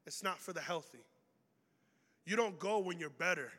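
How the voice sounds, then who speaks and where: A man preaching a youth sermon in a large hall, animated and acting out quoted people with humor. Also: high-pitched, moderate pace. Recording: long reverb of a big hall.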